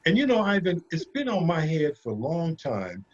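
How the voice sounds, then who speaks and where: A man's voice: fairly high pitch, huge pitch swings, moderate pace. A man co-hosting a casual interview, asking questions with encouraging, affirming interjections. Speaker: co-host. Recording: dull, lo-fi sound.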